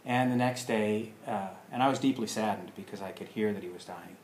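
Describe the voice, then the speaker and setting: A man telling a personal story in a casual, rambling way, full of pauses and fillers. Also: on the low side, darkish tone, reverberant, slight background noise, low-quality recording. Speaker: alternative practice teacher.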